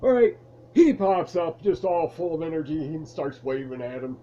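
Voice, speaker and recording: A man with a slightly high, mellow, sing-song voice speaks at normal speed, casually telling the camera an amused, rambling story from his past. The laid-back vlogger is at home in a lamp-lit room, and the sound is lo-fi.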